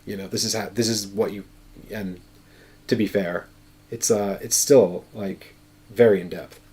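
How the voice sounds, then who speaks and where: A man's voice: on the low side, steady tone, measured pace, dark tone, breathy edge. A man hosting a casual solo board game playthrough, chatty and thinking aloud as he counts out moves. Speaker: board game player and show host.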